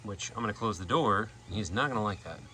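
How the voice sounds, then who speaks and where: A man's voice: fairly low pitch, quick pace, pushed and bright, rough recording. A man hosting a casual vlog at an animal sanctuary, talking loosely with plenty of "like" and "you know". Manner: chatty, many "like" and "you know" fillers. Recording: outdoor noise in the background.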